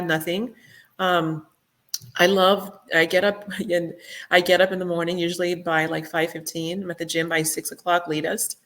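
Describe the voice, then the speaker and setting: A middle-aged woman with a lowish voice appears as a guest on a podcast in a casual interview. She speaks softly and reflectively, with many fillers.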